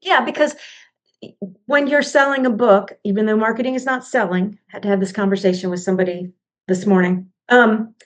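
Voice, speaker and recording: A middle-aged woman hosts a casual podcast chat as a book coach. She talks at a medium pitch, in a chatty, rambling way, and often drifts off on tangents before finding her point again. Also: steady tone, brisk.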